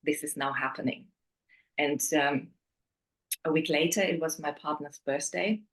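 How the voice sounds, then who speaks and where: Interviewed as a guest, a woman candidly shares a painful personal story, often dropping into a hush. Her low voice is unhurried, and the recording quality is low.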